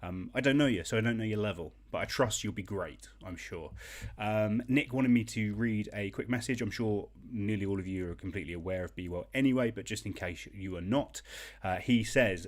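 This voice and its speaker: A man hosting a relaxed online quiz from home, his voice sitting fairly low. He talks in a chatty, self-deprecating way, full of ums and little asides. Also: a little fast, hardly any pauses. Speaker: quiz host.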